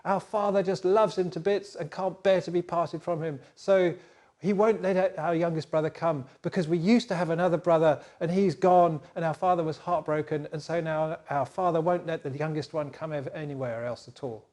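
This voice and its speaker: A man's voice: a little high, fairly even intonation, normal speed, a little mellow, pitched above the performer's own voice, natural voice. A man voicing a group of frightened, pleading brothers in a children's Bible story, in a panicky, wailing manner.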